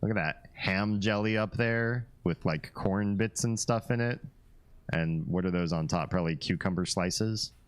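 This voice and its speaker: A man's voice: fairly low pitch, unhurried, smooth. A man hosting a live stream, chatting casually with viewers, reading their comments and laughing often. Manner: relaxed, chatty, laughs often, reads chat aloud.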